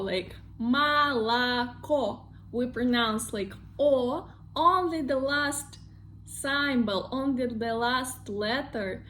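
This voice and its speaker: Slow, careful Russian-accented teacher woman. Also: on the high side, a bit bright, slight background noise. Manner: slow, careful explanations with drawn-out model words. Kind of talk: online language lesson.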